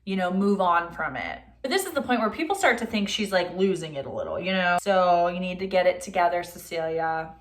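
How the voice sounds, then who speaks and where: A young adult woman casually reviewing a film for her vlog, chatty and exasperated, with a steady stream of "like". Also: on the low side, brisk.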